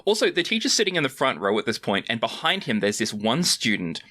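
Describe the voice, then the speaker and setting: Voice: mid-range voice, very animated, brisk, sharp tone. A podcast guest chatting casually about a film, describing scenes and outfits in detail. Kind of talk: casual chat recapping a film.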